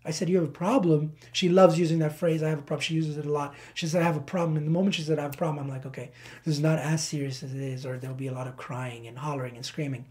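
Animated preaching man, pastor. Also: on the high side. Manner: animated preaching, dramatic slow emphasis on key words. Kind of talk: sermon. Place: church.

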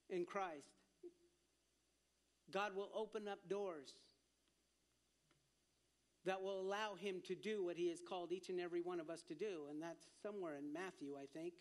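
A man preaching at a church, telling a personal story with earnest restarts and growing fervor. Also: high-pitched. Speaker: ministry leader speaking at church.

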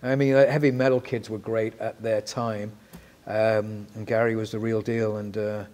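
His voice is lowish and his pace moderate as this Manchester musician and actor recounts animated anecdotes in a loose interview. He swears freely, tends to trail off softly, and speaks with a mid-Atlantic mix of Mancunian and American.

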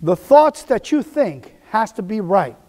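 A man preaching from the pulpit in a notably high voice. He drives his points home by repeating them and speaks the lines of inner voices aloud. A long reverb trails his words through the church. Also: very animated, unhurried, dark tone. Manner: emphatic, repetitive preaching with quoted inner voices. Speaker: pastor. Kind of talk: sermon.

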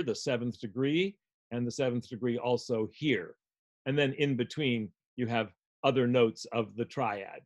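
A man's voice: medium pitch, muffled recording. An older man lecturing on music, explaining a score step by step as he guides listeners through it.

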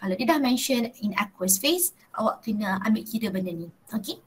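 A woman's voice: medium pitch, lively intonation, fast talker, slightly rough, rough recording. A young woman with a Malaysian accent teaching a live chemistry class, switching between Malay and English and checking in with her students. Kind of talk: live online class lecture.

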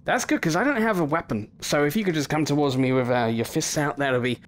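A young man giving excitable gameplay commentary, full of swearing and mock threats. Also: a little high, fast, a little hiss or hum. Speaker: gaming YouTuber.

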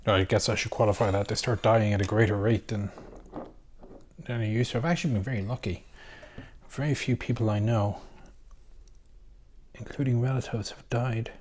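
Tired middle-aged man, host, keeps his voice low, casual rambling chat at home. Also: fairly even intonation, a little hiss or hum. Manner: quiet, deliberately low volume. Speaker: host building a model kit. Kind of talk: casual rambling talk while working.

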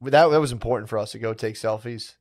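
Man, podcast co-host, rapid-fire casual talk, excitable, laughs a lot. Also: mid-range voice. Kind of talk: casual chat.

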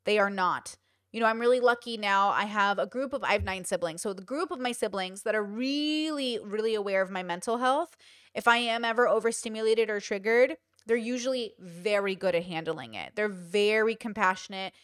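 A woman's voice: mid-range voice, brisk, no echo, studio quality. A young adult woman hosting a podcast, giving casual advice in an emphatic way and repeating points for stress. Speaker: podcast host.

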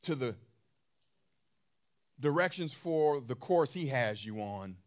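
A male pastor delivering a sermon with features. His pitch rises and falls in big swings as he presses each point, repeating words and asking the congregation questions. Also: animated, slow pace. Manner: emphatic, repeats phrases, asks the congregation questions.

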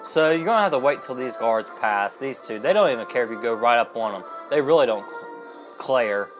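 A young man narrates his gameplay in a casual, chatty way. He rambles and often stops to correct himself. His voice sits at a middle pitch for a man. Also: lively intonation, a little fast, over music, poor audio. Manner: rambling and chatty, with many fillers and self-corrections. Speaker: gaming video host. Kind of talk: casual let's-play commentary.

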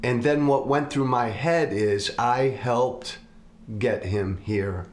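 A middle-aged man and show host speaking in an earnest, confessional monologue, slow and deliberate. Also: mid-range voice. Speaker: political commentator, host. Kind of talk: reflective monologue. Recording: roomy echo.

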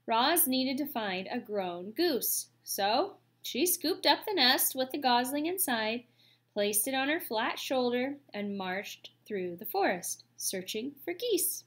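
A woman reading a children's story aloud with expressive, slow storytelling. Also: a little high. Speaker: audiobook reader.

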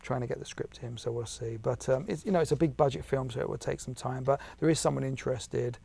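A husky, darkish voice with vocal fry comes from a man in his forties with an English accent, talking at a quick pace and medium pitch with no room sound. He's a guest actor and writer in a casual interview, chatty and prone to restarts and repeats.

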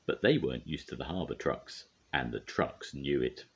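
An older man, a grandfather, reading a children's storybook aloud in a gentle, expressive way. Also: rumbling low, moderate pace, vocal fry, slightly rough.

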